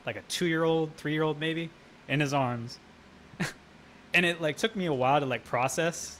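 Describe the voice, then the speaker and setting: A man's voice: a little high, normal speed, fairly bright tone, a little hiss or hum. Laid-back swearing homebrewer man. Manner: rambling, profane, laughs while telling stories. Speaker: homebrewer streaming live. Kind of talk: casual live-stream chat.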